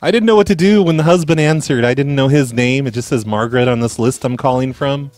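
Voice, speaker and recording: A man's voice: medium pitch, fast, a little mellow. A man hosting a prank call comedy show, talking in a laid-back way with lots of "like". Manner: laid-back, says "like" often.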